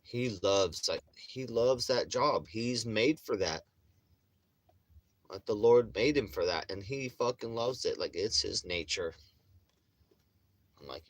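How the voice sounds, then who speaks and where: A man's voice: sits low, normal speed, fairly bright tone. A man chatting casually on a livestream in a rambling, profane way, with frequent laughs, while getting over a chest illness. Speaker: vlogger.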